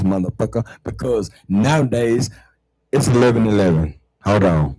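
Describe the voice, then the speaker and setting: Man, husky, swings his pitch widely, dry close sound, heated cursing rant, repetitive. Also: animated, normal speed, dry recording, low-quality recording. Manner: heated, swearing, repeats words, swings from mutters to shouts. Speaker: online show host. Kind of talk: profane spiritual rant to viewers.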